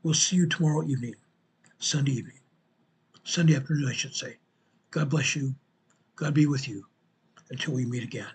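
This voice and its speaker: A man's voice: medium pitch, brisk, pauses often, breathy edge. A man in his sixties, a show host and Sunday school teacher, giving an earnest, repetitive sign-off and reading scripture aloud. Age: 60s.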